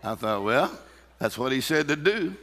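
Gravelly bright preacher guy, pumped up, shouting and laughing through the sermon. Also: mid-range voice, expressive, moderate pace, long reverb tail. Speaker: pastor.

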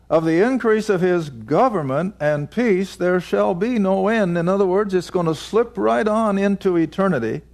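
A man's voice: a little high, a little mellow. A man teaching a Bible passage verse by verse, emphatic, asking his listeners questions and answering them himself.

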